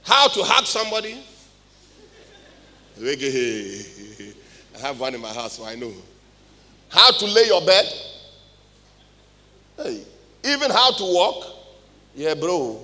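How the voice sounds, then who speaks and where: A middle-aged Ghanaian man preaching a sermon in church, swinging between loud outbursts and hushed asides. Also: a little high, very animated, slow pace, long pauses. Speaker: pastor. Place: church hall with congregation. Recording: live church recording with long reverb.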